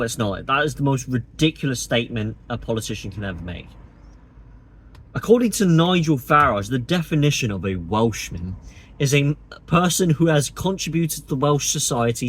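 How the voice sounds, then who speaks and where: A man delivering a sarcastic, indignant opinion monologue to camera as a political vlogger. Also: medium pitch.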